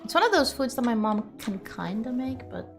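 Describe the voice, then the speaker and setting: A woman's voice: on the high side, lively intonation, moderate pace, soft background music. A young woman streaming, chatting casually with viewers in a self-mocking, laughing way.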